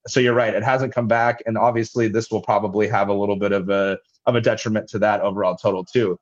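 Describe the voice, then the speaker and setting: A man's voice: lowish voice, steady tone, fast, muffled recording. A man, head of a logistics company, explaining things in a businesslike way as an interview guest. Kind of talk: interview answers.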